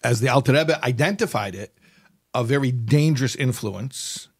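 A man interviewing a guest, explaining points in a measured, thoughtful way. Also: medium pitch, breathy edge. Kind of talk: conversational interview.

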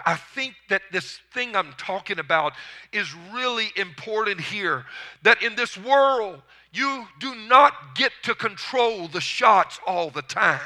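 Male preacher, high and very bright tone, emphatic sermon delivery. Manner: emphatic preaching with rising calls of amen.

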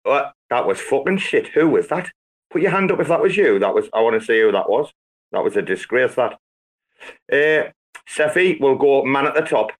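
A man, bantering loudly and swearing a lot in a rowdy group chat. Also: medium pitch, expressive, normal speed. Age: 40s. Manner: swearing, rambling, loud and jokey. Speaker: Twitter Space participant.

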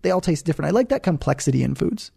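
Male co-host, mellow dark tone, dry close sound, casual halting chat. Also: a little high, sing-song, gravelly, breathy edge, no echo. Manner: halting, restarts often, playful. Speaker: podcast co-host.

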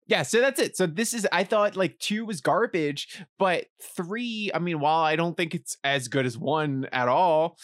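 A podcast co-host chatting casually about a film, laughing easily and throwing in quick asides. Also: medium pitch, no echo, studio quality. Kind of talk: casual movie podcast chat.

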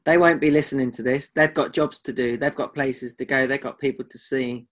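A man co-hosting a podcast with casual banter, teasing his partner in a quick-fire, mock-exasperated way. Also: mid-range voice, steady tone, a bit bright. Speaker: podcast co-host.

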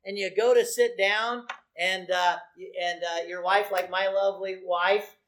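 Animated preaching man in his sixties. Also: high voice, measured pace. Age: 60s. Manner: animated, conversational preaching with asides to the congregation. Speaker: pastor. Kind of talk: sermon.

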